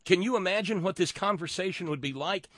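A man's voice: high voice, fairly quick, fairly bright tone, no room sound. A middle-aged man hosting a political commentary show, sardonic and profane, often stammering and restarting his sentences. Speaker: podcast host.

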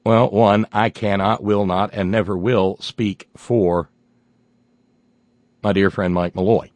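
A man hosting a political talk radio show, sardonic and folksy, reading listener messages and breaking into loud exclamations. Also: fairly low pitch, steady tone, takes it slowly, no echo.

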